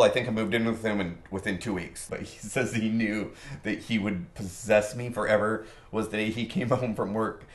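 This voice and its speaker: A man with a fairly low voice tells a candid personal story in an interview. He talks loosely and chattily, breaks into laughter often, and swears freely.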